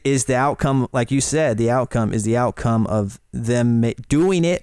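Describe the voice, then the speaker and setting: Man with a smooth, clear voice. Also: medium pitch, darkish tone, no room sound, studio quality. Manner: thoughtful and hesitant, restarting sentences. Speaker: podcast co-host and guest. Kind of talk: casual discussion.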